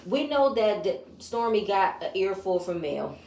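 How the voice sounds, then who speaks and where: A woman's voice: mid-range voice, animated, a little slow, a little mellow, slight background noise. A woman giving a chatty, opinionated recap of a reality show, retelling scenes in her own words. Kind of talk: casual episode review. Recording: echoey room.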